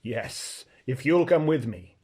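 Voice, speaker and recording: A man's voice: medium pitch, lively intonation, a little mellow, husky. A man voicing a proud, bossy talking horse. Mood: persuasive. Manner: brisk, lecturing, openly scornful. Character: proud talking male warhorse, blunt and bossy.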